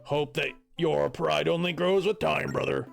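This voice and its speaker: A man voicing a proud old male rock-creature chieftain with a gravelly old voice, grand and solemn while reading game dialogue aloud. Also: a little high, fairly even intonation, unhurried, soft background music, pitched below the performer's own voice.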